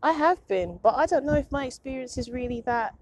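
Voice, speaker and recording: On her own vlog, a young woman rambles through a casual confessional chat, mocking herself and laughing often. Her high voice is fairly quick, gravelly and a little mellow, with lively intonation. It sounds recorded on a phone or low-end camera.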